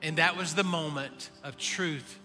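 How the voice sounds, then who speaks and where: A man preaching a sermon, swinging between hushed pleading and impassioned calls. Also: on the high side, unhurried. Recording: reverberant hall with faint music. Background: faint music.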